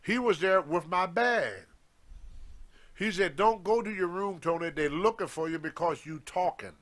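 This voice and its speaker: High-voiced guy telling an old story, acts out voices, loose grammar, pretty lively. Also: normal speed. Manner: animated, acts out others' voices in his stories, loose grammar. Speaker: guest storyteller, former wrestler. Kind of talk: casual storytelling.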